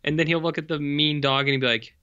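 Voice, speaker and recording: A man's voice: fairly high pitch, fairly even intonation, fast, pushed and bright, clear, resonant tone, no echo, muffled recording. A man co-hosting a film podcast, chiming in with short agreements and jokey plot comments. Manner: brief agreeing backchannels, jokey. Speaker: podcast co-host. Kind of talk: casual film review chat.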